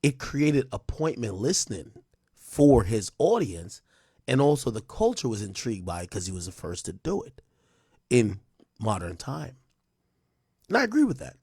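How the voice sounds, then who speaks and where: Husky, lively male streamer. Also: medium pitch, normal speed, pauses often, no room sound, studio quality. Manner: loose and profane, with loud excited bursts. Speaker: live-stream host. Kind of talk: casual live-stream chat reading donations.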